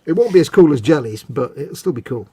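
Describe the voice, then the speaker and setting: Man, stream host, quick rambling banter, slightly high voice. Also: slightly rough, dry recording. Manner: rambling, jokey, animated. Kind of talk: casual chat over gameplay.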